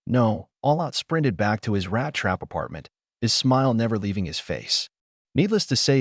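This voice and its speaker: Man narrating with lively pitch. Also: no echo, clean studio sound. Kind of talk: reading fan fiction aloud.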